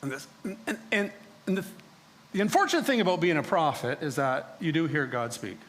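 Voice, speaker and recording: A man's voice: on the high side, expressive, fairly quick, a bit bright. Man preaching a first-person dramatic story. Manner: storytelling in character as a biblical prophet, acting out quoted voices. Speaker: pastor. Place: church sanctuary.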